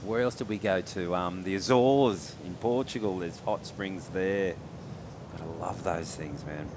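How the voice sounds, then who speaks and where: Chatty surf co-commentator. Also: male voice, low voice, a little slow, noisy background. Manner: chatty, jokey, animated. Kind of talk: live sports commentary.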